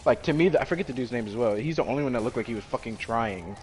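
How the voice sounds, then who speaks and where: A man's voice: mid-range voice, expressive, racing, darkish tone, slight background noise. A young man chatting casually while gaming, arguing his opinions with casual slang.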